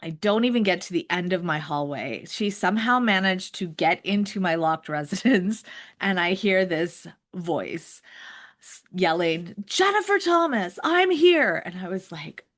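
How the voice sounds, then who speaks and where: Woman, forties, lower voice, casual storyteller, self-deprecating, chatty. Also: unhurried. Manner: chatty and self-deprecating, many fillers, laughs while telling. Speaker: podcast host.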